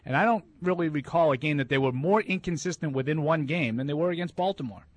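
A man's voice: a little high, fast talker, dry recording. Dry-sounding emphatic man debating sports. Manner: hesitant restarts, then emphatic. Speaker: sports talk show regular.

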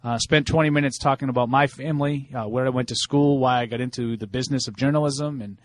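A man's voice: mid-range voice, steady tone, quick pace. A man with a Boston accent co-hosting a sports radio show, chatty and self-deprecating, often repeating words as he thinks. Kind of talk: casual sports talk.

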